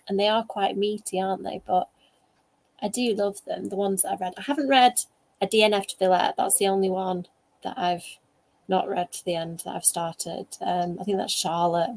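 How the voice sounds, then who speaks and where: Woman, author, video call, chatty, animated, laughing, middle pitch. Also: brisk. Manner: chatty, animated, laughs while telling stories. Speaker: guest author. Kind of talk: casual video chat.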